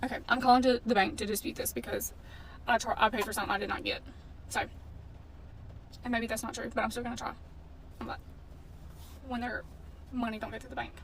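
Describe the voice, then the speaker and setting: A woman's voice: a little high, level tone, fast talker, gravelly, long pauses. A woman in a casual storytime vlog, telling a story in a blunt, indignant way and swearing freely. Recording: distant mic with faint background noise.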